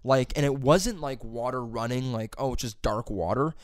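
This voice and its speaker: A young man talks casually and swears constantly as he rambles through a job story. His voice is clear and resonant. It sits at a middle pitch and is recorded close and dry. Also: normal speed, no echo. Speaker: plumber's helper telling a story. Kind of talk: casual chat.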